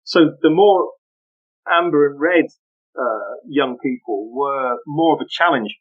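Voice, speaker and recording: A man telling animated stories in a casual interview, often laughing as he talks, in muffled lo-fi audio. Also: fairly high pitch, a little slow. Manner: animated, laughing, full of anecdotes. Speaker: podcast guest.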